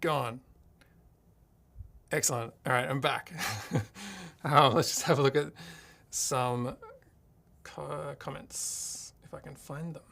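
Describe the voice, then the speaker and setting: A man from Australia streams a tech tutorial from his home studio, handling gear and musing aloud in a relaxed way. He speaks slowly with long pauses in a medium-pitched, creaky voice that has a fairly bright tone.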